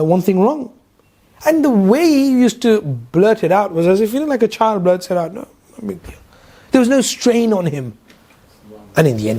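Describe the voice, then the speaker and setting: Teaching the Quran to a class, a middle-aged man with a London accent keeps it conversational, posing questions and sharing stories. This Islamic teacher has a high, husky voice with a warm quality.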